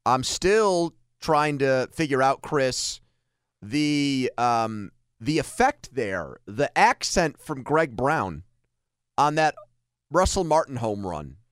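Guy hosting sports talk radio, smooth clear voice, dry close sound. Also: mid-range voice, sing-song, slow pace, no room sound. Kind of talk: casual sports radio chat.

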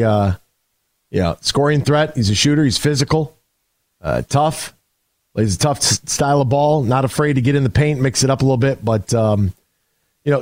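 A man hosting a call-in sports radio show, talking in an energetic, rambling way with frequent restarts. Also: mid-range voice, no room sound, studio quality.

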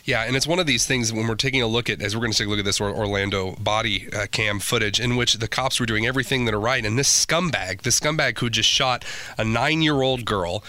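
A man's voice: fairly low pitch, fast talker, sharp tone, dry recording. A man co-hosting a talk radio show, scornful and emphatic in his opinions. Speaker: fill-in radio co-host.

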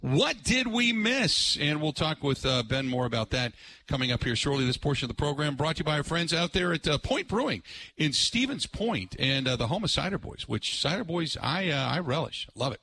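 A man hosting live sports talk radio from a remote broadcast, rambling with lots of fillers and bursts of excitement. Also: on the high side, a little fast.

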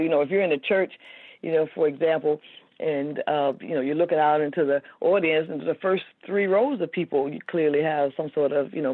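A woman's voice: deep voice, no room sound. A woman author speaking as a guest in a casual interview, talking earnestly with many fillers. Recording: tinny phone-line audio.

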